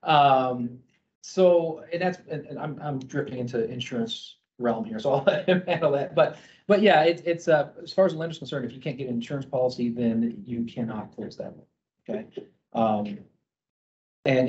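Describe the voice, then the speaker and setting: Middle-aged guy explaining home loans to a room, rambly, lots of ums, kinda dull recording w/ faint rumble. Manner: rambling with many fillers and restarts, checking in with "okay?"; loud speaking voice. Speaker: mortgage broker. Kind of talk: casual presentation to a group.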